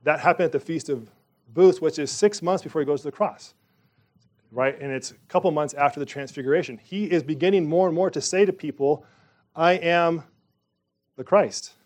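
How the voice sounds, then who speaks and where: A male pastor delivering a sermon in a loose, conversational style, with a slightly higher-than-average voice. He rambles, restarts his sentences and leans on fillers, then presses his points with emphasis. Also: brisk, a little mellow.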